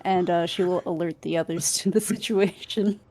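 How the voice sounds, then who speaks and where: A woman's voice: fairly low pitch, steady tone, moderate pace, warm tone. A woman playing a tabletop game, casual and upbeat. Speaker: player.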